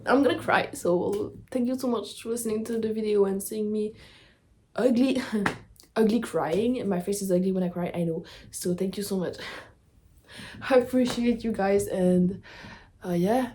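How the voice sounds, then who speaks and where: Young woman chatting in a halting, apologetic way. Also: mid-range voice, warm tone, slight background noise. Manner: halting, searching for words, apologetic. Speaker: reaction video host. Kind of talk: emotional reaction vlog chat.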